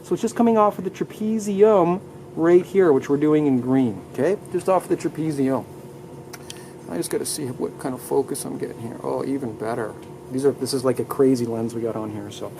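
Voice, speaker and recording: A man's voice: medium pitch, brisk, gravelly, background noise. A man teaching anatomy in a live classroom lecture, upbeat, leading students through muscle names and asking them to repeat terms aloud. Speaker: anatomy instructor.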